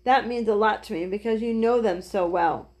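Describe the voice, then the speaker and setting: A woman's voice: mid-range voice, normal speed, a little mellow, lightly acted, rough recording. A woman reading aloud, voicing a kindly grandfather in a children's storybook. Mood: fond.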